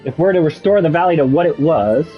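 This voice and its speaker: A man voicing a forgetful old male wizard, reading his lines slowly and drawn out, over a slightly muffled recording with faint game music. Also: on the high side, expressive, natural voice. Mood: earnest.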